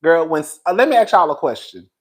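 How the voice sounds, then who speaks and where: A man's voice: a little high, big pitch swings, low-quality recording. Giggly gossiping male livestream host. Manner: laughs often, drawn-out, gossipy. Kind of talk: gossip commentary.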